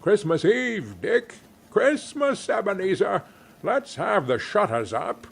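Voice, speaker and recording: A man's voice: big pitch swings, slow, creaky, husky, full character voice. A man reading a story aloud and voicing a jovial old male merchant with a comfortable, oily, rich voice. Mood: jubilant. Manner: booming, exuberant calls.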